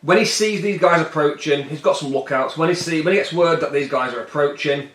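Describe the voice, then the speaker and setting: A man casually talking through a solo tabletop wargame, rambling and joking, with a fairly high voice. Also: brisk, fairly bright tone. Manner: rambling and jokey, puts on silly voices for the miniatures. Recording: echoey room.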